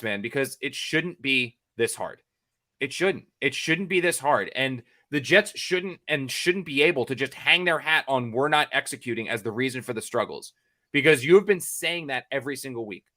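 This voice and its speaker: A man's voice: medium pitch, expressive, normal speed, bright, forceful tone. An American man, a sports reporter co-hosting a podcast, ranting in exasperation, repeating himself and swearing freely.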